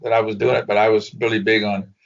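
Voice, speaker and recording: A man's voice: fairly low pitch, flat delivery, fast, gravelly. An older man, a former baseball hitting coach, telling rambling anecdotes with restarts and laughs in a casual interview. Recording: dull lo-fi audio.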